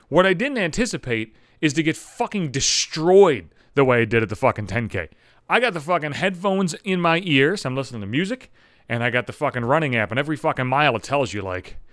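A man's voice: medium pitch, fairly bright tone, dry recording, clean studio sound. A man in his thirties ranting in a profane, self-deprecating comic monologue, exasperated and swearing constantly. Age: 30s.

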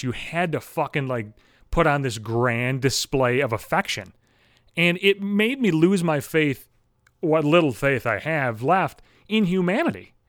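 A man's voice: medium pitch, dry recording, studio quality. A young man ranting crudely and with exasperation on his podcast, swearing constantly. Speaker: podcast host. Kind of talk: profane comedic rant.

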